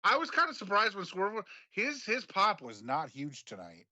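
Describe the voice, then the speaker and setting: A man co-hosting a wrestling podcast, recapping events quickly in a run-on, casual way. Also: high-pitched, huge pitch swings, bright, forceful tone, muffled recording. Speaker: wrestling show co-host. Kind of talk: recapping a show in casual chat.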